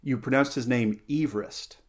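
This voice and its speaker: A man's voice: medium pitch, normal speed. A man hosting a casual podcast chat, playful and rambling, with lots of fillers, self-corrections and side tangents. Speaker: podcast host.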